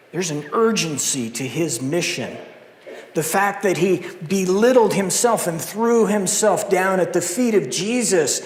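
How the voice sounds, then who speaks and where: A male pastor preaches a sermon with a fairly high voice. He takes his time and brings the scenes alive with animated storytelling. The long reverb of the church hall surrounds every word. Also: slight background noise. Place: church sanctuary.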